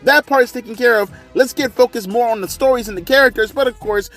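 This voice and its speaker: A man's voice: very high voice, quick pace, few pauses, a bit bright, soft background music. A man in his thirties giving a profane, ranting review of a wrestling show from his living room. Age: 30s. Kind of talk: ranting casual commentary.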